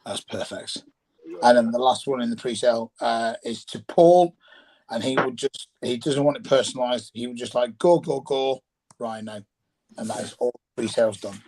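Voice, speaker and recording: A man with a noticeably gravelly voice hosts a live signing session. He reads out requests and chats in an easygoing, affirming way. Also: mid-range voice, moderate pace, darkish tone, a little hiss or hum, rough recording. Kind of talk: casual chat.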